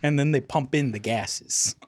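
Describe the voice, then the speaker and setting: A young man co-hosting a casual beer-tasting chat, telling stories in an animated way and laughing often. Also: mid-range voice, a little slow. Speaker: podcast co-host. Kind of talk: casual chat over beers.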